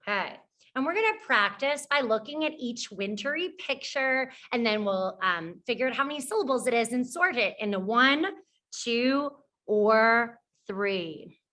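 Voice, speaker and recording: A young woman teaching preschoolers, speaking slowly and clearly, praising them often and singing simple songs. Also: on the high side, expressive, sharp tone.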